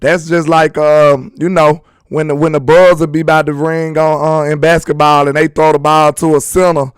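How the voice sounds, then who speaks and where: A man's voice: fairly high pitch, level tone, normal speed, smooth, dry recording. Slangy fired-up sports talk host man. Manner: slangy, emphatic, talks straight to viewers. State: voice strained and a little hoarse. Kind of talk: casual sports commentary, reading chat.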